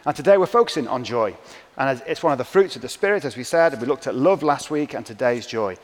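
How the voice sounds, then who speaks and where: A man's voice: medium pitch, lively intonation, quick pace. Chatty male preacher in a reverberant church. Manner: conversational, with chatty tag questions. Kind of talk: sermon.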